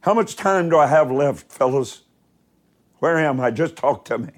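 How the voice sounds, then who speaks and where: A man preaching a livestreamed sermon in an emphatic, rhythmic style with repeated phrases and dramatic pauses. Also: on the high side, expressive.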